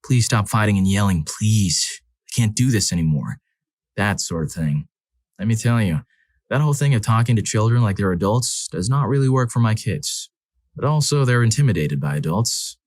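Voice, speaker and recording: A man reading first-person stories aloud as a channel narrator, in a measured, earnest way. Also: fairly low pitch, no echo.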